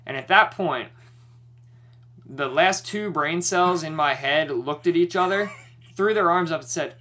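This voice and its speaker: A man's voice: fairly high pitch, a little slow, pushed and bright. A young man co-hosting a podcast, retelling a story in casual chat with lots of swearing and worked-up energy.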